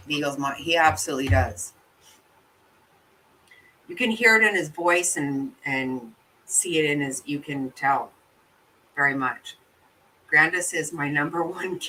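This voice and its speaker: A woman chats with her live viewers in a bright, sharp voice, blunt and quick to swear. She laughs easily as she talks. She sits a little back from the mic, so her voice sounds slightly distant. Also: low voice, slight background noise. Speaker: livestream host. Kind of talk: casual chat reacting to viewer comments.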